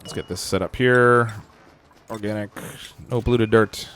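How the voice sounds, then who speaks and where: A man's voice: on the low side, steady tone, unhurried, a bit bright, smooth. A young Canadian man with a Canadian accent, live-streaming and commenting on his gameplay, chatty, thinking aloud with fillers and corny jokes. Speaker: game streamer.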